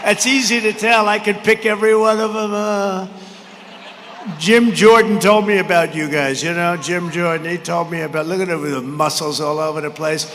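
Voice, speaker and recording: A man in his seventies giving a rambling campaign rally speech at a podium microphone, brash and mocking, shouting some lines. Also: sits high, steady tone, normal speed. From United States. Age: 70s. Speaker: political candidate at a rally. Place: large arena. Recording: reverberant arena with faint crowd noise.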